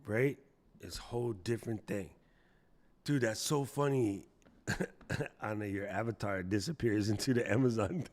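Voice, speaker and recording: A man's voice: lowish voice, measured pace, long pauses. A man hosting a casual live stream, chatting playfully and answering viewers from the chat. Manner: playful, chatty, reads chat aloud, jokey voices. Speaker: livestream host.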